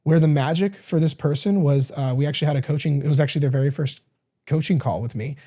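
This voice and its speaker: Speaking fast in a fairly high voice with a dark tone, this coach hosts a podcast. He rambles earnestly through a casual, reflective monologue, often restarting and correcting himself.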